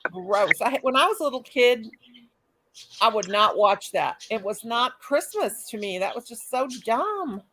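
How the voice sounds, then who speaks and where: Animated, chatty older woman live-streaming. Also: fairly high pitch, unhurried. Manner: chatty, greets viewers by name, hums and sings to herself. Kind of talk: casual live-stream chat.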